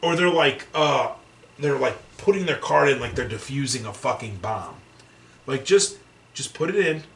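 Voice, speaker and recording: A man's voice: medium pitch, moderate pace, vocal fry, echoey room, recorded from a distance. A man co-hosting a podcast, ranting with lots of swearing in casual chat. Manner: ranting, profane, animated. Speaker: podcast co-host.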